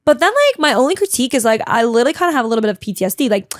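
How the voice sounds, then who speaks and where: A chatty, dramatic young woman telling a casual vlog story, full of "like" and quick asides. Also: a little high, big pitch swings, no echo, clean studio sound. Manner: chatty and bubbly, heavy use of "like", dramatic; talks a lot, emotional. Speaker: vlogger.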